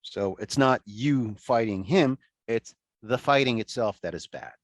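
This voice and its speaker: A man giving an online lecture over a video call, talking in a conversational, animated way with many restarts and asides. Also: medium pitch, a little slow, no echo.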